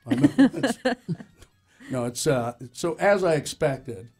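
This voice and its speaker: A man co-hosting morning radio in a casual, joking way. His voice is mellow and warm, and he talks in stop-start bursts full of fillers, with faint music under the talk. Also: on the high side, sing-song. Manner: self-mocking, joking, halting with fillers. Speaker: radio show co-host.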